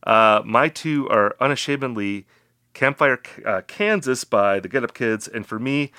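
A man's voice: medium pitch, animated, a little slow, pushed and bright, clear, resonant tone, no echo, clean studio sound. A man co-hosting a casual music podcast, jokey and upbeat as he reads out listener questions. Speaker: podcast co-host.

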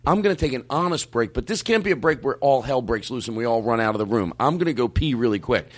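A man's voice: medium pitch, lively intonation, quick pace. A man hosting a comedy podcast, joking and laughing often in casual chat. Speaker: podcast host.

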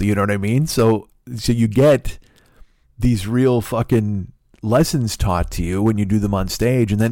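Low-voiced man in a profane, rambling monologue. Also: a little mellow, no echo. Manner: profane, rambling storytelling with frequent restarts. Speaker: podcast host. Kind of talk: casual monologue.

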